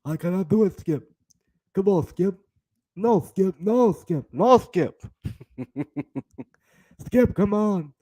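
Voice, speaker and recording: A man's voice: sits high, expressive, takes it slowly, pauses often, warm tone, full character voice, low-quality recording. A man voicing a brash male sports pundit in a mock South African accent, playfully repeating a catchphrase. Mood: mock bravado.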